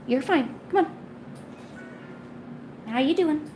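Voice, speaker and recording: A woman live-streaming casually, often cooing to her cats in a high, soft baby-talk voice. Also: moderate pace, gravelly, a little hiss or hum. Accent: American. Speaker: art streamer.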